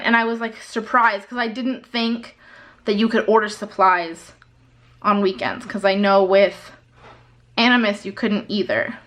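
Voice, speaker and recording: A woman's voice: mid-range voice, fairly even intonation, normal speed, a bit bright. A young woman in her twenties, ranting to camera in an unscripted vlog about a frustrating phone call. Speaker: vlogger.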